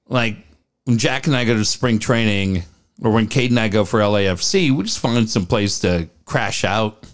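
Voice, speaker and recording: A middle-aged man co-hosting a casual podcast, telling funny stories with lots of laughing, swearing and acted-out voices. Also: on the low side. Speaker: podcast co-host. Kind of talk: casual chat, storytelling.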